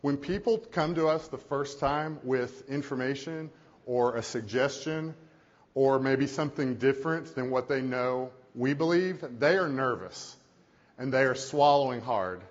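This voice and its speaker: Male CEO keynote speaker, conversational storyteller, mid pitch, roomy lo-fi hall sound. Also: unhurried. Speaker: company CEO and conference speaker. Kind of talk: keynote presentation. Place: conference hall. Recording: echoey hall, dull lo-fi sound.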